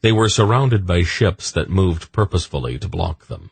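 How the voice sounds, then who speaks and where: A man narrating a fantasy audiobook in a measured storytelling manner. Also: low voice, expressive, gravelly, slightly rough, no echo. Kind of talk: scripted narration.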